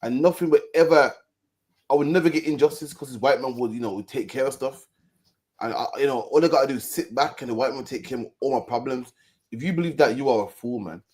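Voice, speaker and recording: A man's voice: mid-range voice, fast, darkish tone. A man preaching in casual street commentary, repeating himself and often ending lines with "man". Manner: preachy, repeats "man" at line ends, mocking mimicry.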